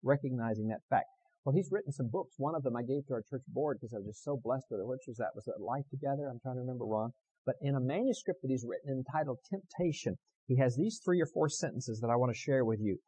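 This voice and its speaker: A man preaching a sermon as pastor, swinging between loud emphatic passages and quiet conversational asides to the congregation. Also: mid-range voice, animated, quick pace, slightly rough, rough recording.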